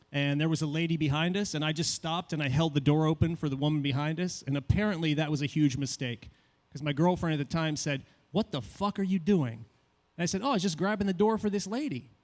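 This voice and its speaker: A man hosting a comedy open mic, doing stand-up on stage with loud, rising, excited delivery. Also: long reverb tail. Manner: loud, building to high excited shouts. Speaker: comedy show host.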